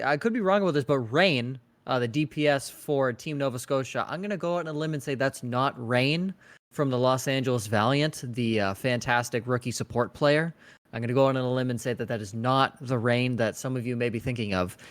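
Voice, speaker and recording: A man co-casting an esports match, talking in a rambling way with many hesitations and fillers. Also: mid-range voice. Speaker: esports co-caster.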